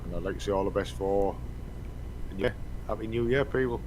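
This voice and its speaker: A man's voice: fairly low pitch, brisk, noisy background. Rambling man, casual swearing. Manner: rambling, swears often, trails off. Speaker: podcast host. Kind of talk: casual chat.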